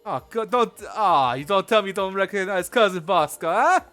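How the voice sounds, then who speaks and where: Booming jovial lion-man. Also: animated, normal speed, fairly bright tone, soft background music. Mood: boisterous. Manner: boisterous, laughing, overfamiliar. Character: loud jovial young male lion-man, pushy and overfriendly.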